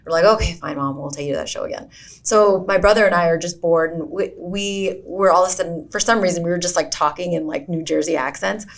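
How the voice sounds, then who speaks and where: A woman co-hosting a podcast, telling an animated story in casual chat. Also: on the low side, quick pace. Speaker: podcast co-host.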